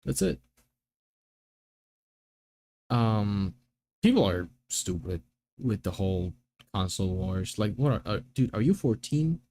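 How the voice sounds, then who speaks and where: A man's voice: lowish voice, expressive, normal speed, warm tone, slight background noise. A young man in casual chat as a gaming streamer, rambling through exasperated rants full of filler words.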